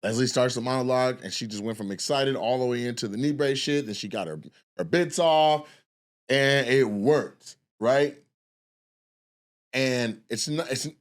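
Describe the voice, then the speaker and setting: This is a man in his forties who is a comedian hosting a podcast. He tells a long, loose story full of profanity and restarts. His voice sits at an ordinary, mid-range pitch for a man. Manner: profane, loose and rambling, acts out the people he quotes.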